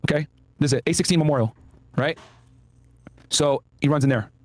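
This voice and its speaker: Excitable, fast-talking male podcast host. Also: a little high. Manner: excitable, laughing, profane, acts out voices. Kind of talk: casual video commentary.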